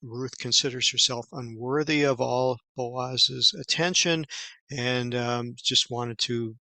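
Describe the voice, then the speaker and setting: A man giving an informal Bible study lesson, talking in a casual, halting way with many fillers and restarts. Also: medium pitch, steady tone, sharp tone, no room sound, low-quality recording. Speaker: Bible teacher.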